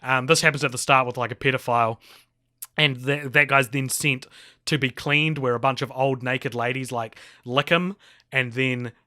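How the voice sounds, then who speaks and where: A man's voice: medium pitch, fairly even intonation, normal speed, bright, forceful tone. A man co-hosting a podcast, recapping a horror film in rambling casual chat with fillers and restarts. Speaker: podcast co-host.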